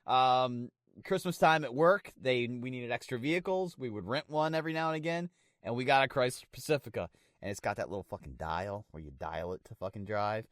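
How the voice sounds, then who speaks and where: A man's voice: mid-range voice, fairly quick, no echo, clean studio sound. A man co-hosting a casual podcast, swearing a lot and acting out little voices as he tells stories. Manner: profane, animated, acts out voices in quotes. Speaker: podcast co-host.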